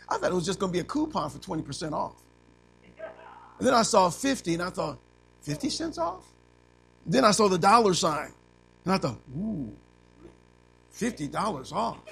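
A man preaching a sermon as pastor, animated, asking the congregation to finish his lines and acting out little scenes. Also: high-pitched, gravelly. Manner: animated preaching with call-and-response questions; acts out little scenes in other voices.

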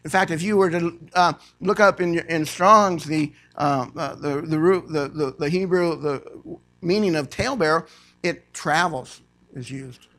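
A man preaching a sermon to a church congregation. He reads scripture aloud and rises to loud, emphatic preaching. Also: fairly high pitch, measured pace. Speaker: guest preacher.

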